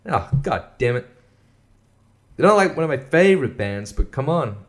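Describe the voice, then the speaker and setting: A man's voice: medium pitch, sing-song, normal speed. A man hosting a casual solo show, sarcastic and mocking, swearing often and laughing at what he reads. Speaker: podcast host.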